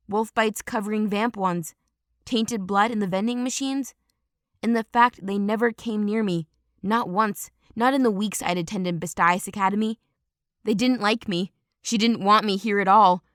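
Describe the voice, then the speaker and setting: A woman narrating a first-person audiobook in a steady, dramatic storytelling manner. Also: medium pitch, normal speed, no room sound, clean studio sound.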